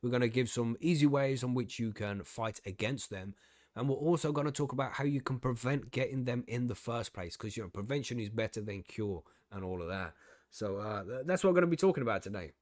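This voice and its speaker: A man's voice: medium pitch, dry recording, studio quality. A man hosting a casual podcast chat, joking around and laughing often. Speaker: podcast host.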